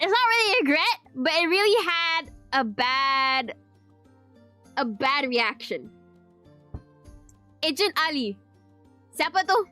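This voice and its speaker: A woman with a high, sparkly voice chats casually with viewers, answering their questions. She giggles often, rambles and restarts her sentences, and drops in Malay words along the way. Soft music plays faintly underneath. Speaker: VTuber streamer. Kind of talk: casual Q&A chat.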